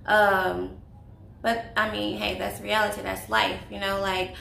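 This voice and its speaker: A woman's voice: medium pitch, flat delivery, a little slow, vocal fry, bright, forceful tone. A young woman chatting through a casual story-time vlog, confiding and full of fillers, recorded in an echoey room with faint noise. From Louisiana, US. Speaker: vlogger.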